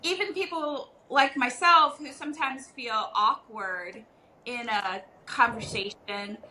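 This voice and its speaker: A woman's voice: on the high side, takes it slowly, a little hiss or hum, poor audio. A woman guest potter in a casual video-call chat, talking with frequent ums and easy laughs. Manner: warm, hesitant with many ums.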